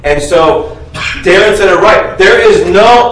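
A man preaching a sermon, calling on the congregation to finish his sentences and shout out answers. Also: high-pitched, takes it slowly. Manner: animated, coaxes the congregation to call out answers. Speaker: pastor. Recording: echoey room, heard from a distance.

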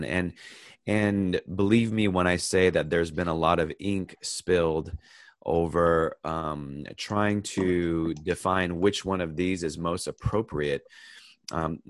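With a voice that sits low and no echo, an American man teaches a relaxed Bible lesson over a video call while sharing his screen. An opening prayer comes first; then he unpacks a verse slowly, pausing, using fillers and restarting as he thinks aloud.

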